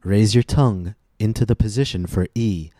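A man hosting a scripted pronunciation lesson, speaking slowly and deliberately with careful articulation. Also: on the low side, dark tone, no echo, clean studio sound. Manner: slow, deliberate, clearly articulated instruction. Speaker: host, pronunciation teacher.

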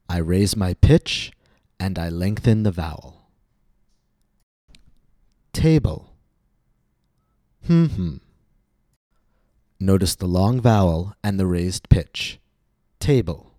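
A man with an American accent hosting a scripted pronunciation lesson, explaining slowly and humming out word melodies. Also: low voice, mellow, no room sound, clean studio sound. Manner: slow, deliberate, demonstrates words with hummed melodies. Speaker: podcast host and pronunciation teacher. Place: New York City.

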